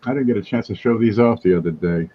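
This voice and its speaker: A man's voice: on the low side, fast, dull audio. A man hosting a casual livestream chat, wisecracking and joking as he talks. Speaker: host.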